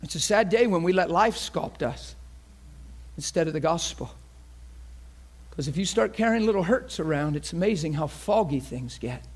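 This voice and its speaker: A high-pitched man preaching with fervor, rising to loud cries and then dropping to quiet, earnest pleading. He acts out the gasps and voices of the crowd in his story, so the delivery keeps changing in height and force. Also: lively intonation, moderate pace. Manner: swings from shouting fervor to hushed earnest appeals. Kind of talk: impassioned sermon.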